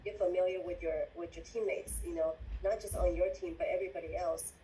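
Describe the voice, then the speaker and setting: Low-voiced woman, distant on a call. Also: steady tone, fairly quick, warm tone, slight background noise. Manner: loose and chatty, uses "like" and "right?". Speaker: meeting participant. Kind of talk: casual advice on a video call. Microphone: video call.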